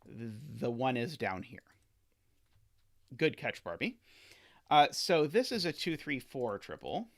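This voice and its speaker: Slow-paced and given to long pauses, a man solves a sudoku live, thinking out loud. He talks to himself, keeps taking back errors he spots, and throws playful comments at viewers while his pitch dances up and down.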